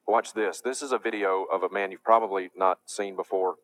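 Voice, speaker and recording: A man's voice: low voice, steady tone, a little fast, hardly any pauses, a bit bright, no echo. A man preaching a lecture, emphatic and indignant as he warns his audience.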